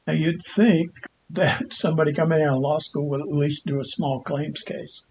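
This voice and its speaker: An older man, a lawyer, telling a personal story in a halting monologue with frequent restarts and pauses. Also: on the high side, flat delivery, a little mellow, a little hiss or hum. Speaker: Christian commentator and lawyer.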